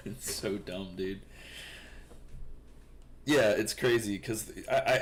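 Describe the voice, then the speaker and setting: Deep-voiced man ranting casually. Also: normal speed, a little hiss or hum. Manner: profane, rambling, filler-heavy. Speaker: news commentary streamer. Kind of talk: casual news commentary.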